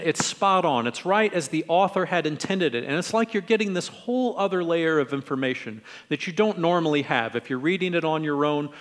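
A middle-aged man preaching a conversational sermon in a relaxed, friendly way, acting out quoted lines in different tones. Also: fairly high pitch, in a large hall. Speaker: pastor.

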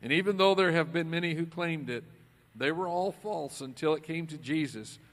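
A man preaching a conversational sermon as a pastor, swinging between loud emphasis and quiet asides. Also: fairly high pitch, normal speed.

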